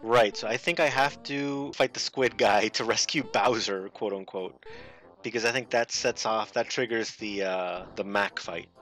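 A man giving lively let's play commentary, laughing and talking back to game characters. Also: lowish voice, unhurried, soft background music. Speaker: gaming video host.

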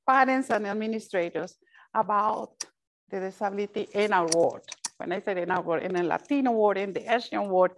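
Earnest woman speaking haltingly. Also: medium pitch, poor audio. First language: Spanish. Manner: earnest, halting, with frequent restarts and repeated words; mixes Spanish phrases into English. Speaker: advocate speaking to service providers. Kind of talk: panel talk.

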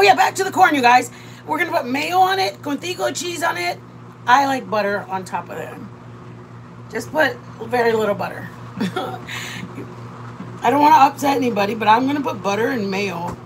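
A woman's voice: a little high, a little hiss or hum, rough recording. A woman from Michigan chatting casually while cooking with her partner at their RV, rambling and laughing often. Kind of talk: casual live-stream chat. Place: RV campsite during a rainstorm.

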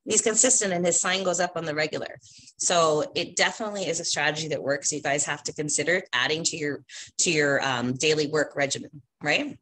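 A woman's voice: sits low, fairly quick, fairly bright tone, a little hiss or hum. A woman, a real estate trainer, teaching agents in a chatty, emphatic way and tagging her points with "right?". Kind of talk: instructional talk to agents.

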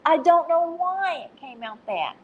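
A woman's voice: very high-pitched, animated, unhurried, narrow, tinny audio. A woman with a Texan accent hosting a casual live stream, chatty and self-deprecating, laughing at her own slips. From Texas.

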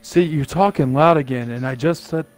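A man's voice: a little high, moderate pace, over music. A man streaming a video game with a friend, chatting casually on a headset, swearing and complaining about how his friend's voice sounds. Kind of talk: casual gaming chat.

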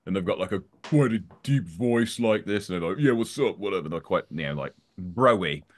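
A man, a voice actor, chatting in an interview in an animated, self-deprecating way, his voice swinging up and down. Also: low voice, a little fast. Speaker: voice actor guest. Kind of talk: casual interview chat.

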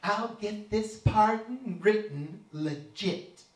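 A man doing a hushed, scheming female politician. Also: high voice, slow. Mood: wheedling. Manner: whispering, wheedling. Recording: echoey room, voice from a distance.

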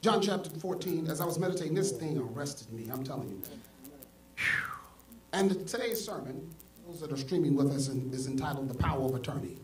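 A male pastor preaching a sermon, swinging from soft asides to loud exclamations. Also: a little high, animated, fairly quick, far from the mic, crowd noise. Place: church sanctuary. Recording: echoey church hall, mic from afar, congregation audible. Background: congregation.

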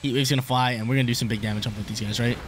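A man's voice: mid-range voice, fairly even intonation, rapid-fire, a little hiss or hum. A young man thinking aloud as he commentates his own game, casual and full of slang, often repeating his lines. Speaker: gaming YouTuber. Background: game music.

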